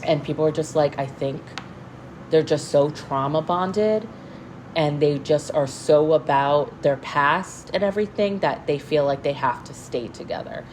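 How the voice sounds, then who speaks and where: A young woman with a low voice gossips casually, swearing freely and circling back with fillers and restarts. Her delivery is loose and conversational, like a commentary vlog. Faint background noise sits under her voice. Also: unhurried, darkish tone, poor audio. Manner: chatty, profane, frequent fillers and restarts. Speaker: commentary vlogger.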